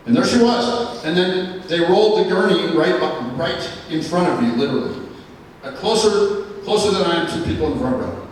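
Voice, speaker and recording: A man stands in a school chapel and tells a personal story in an earnest, plainspoken manner, pausing often. His voice sits at an ordinary middle pitch. It is picked up from a distance and rings with the long reverb of the hall, with faint room noise behind it. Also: lively intonation. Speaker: school staff member giving a chapel talk. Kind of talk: personal testimony speech. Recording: echoey hall from far off.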